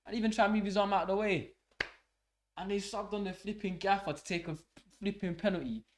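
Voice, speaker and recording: A young man hosting a live football watch-along, swearing and shouting at the match as it unfolds. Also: high-pitched, a little fast, background noise. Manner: swearing, excitable, shouts at the game. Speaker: fan channel host.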